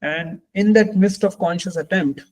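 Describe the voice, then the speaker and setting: A man's voice: sits high, normal speed, a little mellow, poor audio. Earnest man coaching a group. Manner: reflective, earnest, repeats phrases for emphasis. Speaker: life coach. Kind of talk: group coaching call talk.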